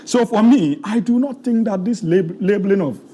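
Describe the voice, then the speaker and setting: A man, hoarse and losing his voice, arguing a legal point formally as a guest in a TV studio discussion. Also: high-pitched, moderate pace, dark tone, a little hiss or hum.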